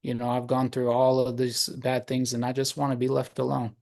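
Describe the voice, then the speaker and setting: A man voicing a kind, persistent little male woodpecker in a spoken folk story, gently and earnestly. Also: mid-range voice, monotone, a little fast, gravelly, close to an everyday voice.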